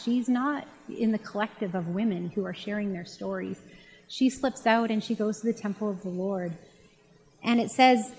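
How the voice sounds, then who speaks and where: A woman's voice: medium pitch, brisk. A woman giving a casual, chatty Bible teaching and retelling the story in a conversational way. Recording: long reverb.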